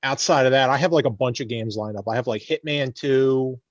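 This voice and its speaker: A man's voice: mid-range voice, fairly quick, dry recording. Easygoing man on a dull-sounding mic. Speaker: podcast guest. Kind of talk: casual podcast chat.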